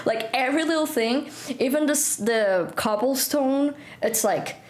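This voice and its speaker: A woman's voice: high voice, unhurried. A young woman, chatting and giggling through a game stream. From Portugal. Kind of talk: live game stream commentary. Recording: echoey room with faint noise.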